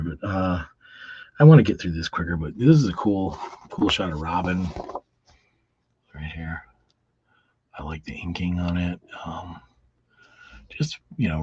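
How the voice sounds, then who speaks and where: A man's voice: deep voice, a little mellow, breathy edge, dry recording. A man casually reviewing comic books in a rambling, profane way with many restarts. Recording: dull lo-fi sound.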